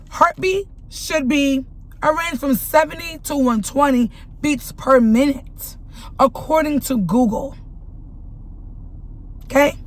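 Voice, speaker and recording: A woman's voice: high-pitched, poor audio. A young mother speaking earnestly and emotionally to her viewers in a personal vlog testimony. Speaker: vlogger and mother.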